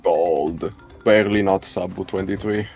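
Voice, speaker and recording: A man with a low, deep voice banters casually beside a speedrun, joking and holding firm opinions. Faint game music plays under his talk. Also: steady tone, a little slow, vocal fry, a little mellow. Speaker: speedrun co-commentator. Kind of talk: casual chat over gameplay.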